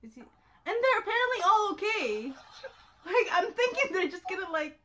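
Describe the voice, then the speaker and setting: A woman's voice: very high-pitched, sing-song, normal speed, noisy background. A young woman hosting a reaction video, casually commenting, swearing freely and laughing and exclaiming a lot.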